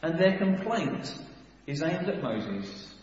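A man preaching a sermon, animated, full of rhetorical questions and sudden swings between loud and hushed. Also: a little high, slow. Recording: echoey hall, dull sound.

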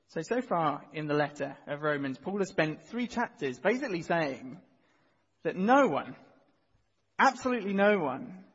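Here a pastor with a fairly high, slightly rough voice paints vivid pictures in his sermon and earnestly leads the church through the reading. A long reverb tail trails his words, and the highs are cut off.

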